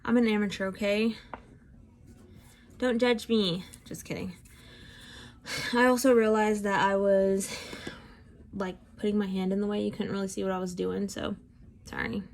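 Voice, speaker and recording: A young woman talks through her makeup routine in a relaxed, chatty way, joking about herself as she goes. She is heavily pregnant and audibly short of breath, sighing between sentences. It sounds like a home recording made on a camera in front of her. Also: medium pitch, normal speed, pauses often. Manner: chatty and self-deprecating, with frequent sighs. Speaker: beauty vlogger. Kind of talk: casual makeup tutorial chat.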